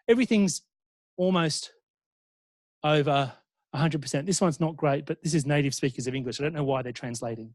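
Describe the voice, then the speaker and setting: At a conference, an Australian man who lectures at a university presents in a voice on the high side. He's lively and checks in with the room, frequently restarting and filling pauses with fillers.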